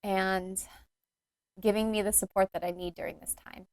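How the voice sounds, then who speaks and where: A woman's voice: medium pitch, flat delivery, moderate pace, darkish tone, no room sound. Earnest woman podcaster, dry close sound. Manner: earnest, intimate, rambling with fillers. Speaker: podcast host, yoga teacher. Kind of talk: reflective solo podcast talk.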